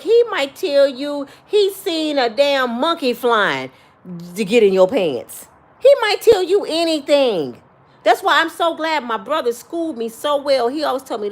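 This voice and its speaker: Blunt, animated woman giving advice. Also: sits high, normal speed. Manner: blunt, preachy, profane storytelling. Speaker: vlogger giving life advice. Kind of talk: casual advice chat.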